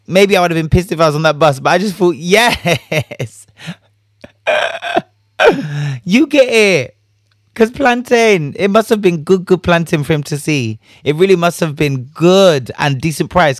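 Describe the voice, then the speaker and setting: Animated man chatting casually. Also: medium pitch, no room sound, clean studio sound. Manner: animated, swears freely, laughs, acts out reactions. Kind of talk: casual solo chat.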